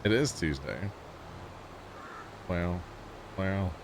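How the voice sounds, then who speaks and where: A man from Missouri with a St. Louis accent streams a game and chats casually with viewers, rambling and laughing easily. His voice is low-pitched with lively intonation, and he speaks extremely slowly over background noise.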